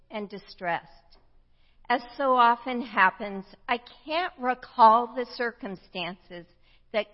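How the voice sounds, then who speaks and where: A woman in her fifties from the United States delivers a reflective sermon at an unhurried pace. Her voice sits mid-range for a woman. The recording is slightly muffled and carries a long reverb from a large church room. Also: medium pitch. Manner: reflective storytelling, slow and measured. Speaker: preacher. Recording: dull sound with long hall reverb.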